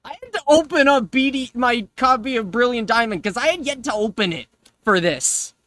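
A man's voice: very high voice, lively intonation, normal speed, pushed and bright, dry recording. A man hosting a casual let's play, joking and rambling as he repeats himself over the game. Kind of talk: casual gameplay commentary.

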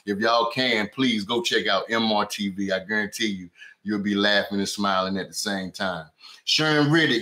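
At normal speed, a cooking channel host chats casually on his home cooking live stream in a mid-range voice that sounds pushed and bright. He names viewers as he greets them and leans on "you know what I'm saying," captured by a stand-mounted camera mic with roomy echo.

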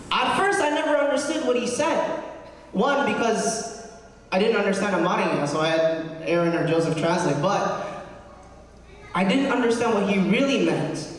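A man's voice: high-pitched, animated, normal speed, a little hiss or hum. A young man serving as a deacon, preaching a sermon in an earnest, conversational way, often checking in with the congregation. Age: young adult. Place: large cathedral. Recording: echoey cathedral, mic from far off.

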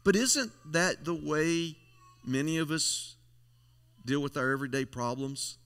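Male pastor, bright slightly high voice, folksy emphatic sermon delivery, church reverb. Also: measured pace. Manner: folksy, emphatic preaching with repeated phrases. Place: church sanctuary. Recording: long church hall reverb.

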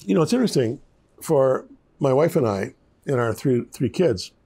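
An older man, a pastor, teaching the Bible in a relaxed, conversational way with chatty asides. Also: medium pitch, moderate pace, slightly rough.

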